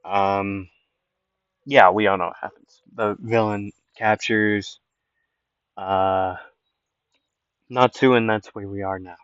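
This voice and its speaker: A man's voice: on the low side, steady tone, slow, pauses often, a bit bright, smooth, dry recording, highs cut off. A man casually improvising a fan story, rambling with lots of fillers.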